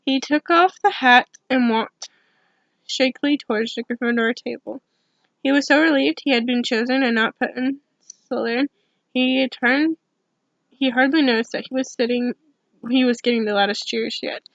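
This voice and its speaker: A woman's voice: sits high, moderate pace, gravelly, a bit bright, no room sound, highs cut off. A woman giving an ASMR storybook reading, with casual asides between passages. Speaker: storybook reader.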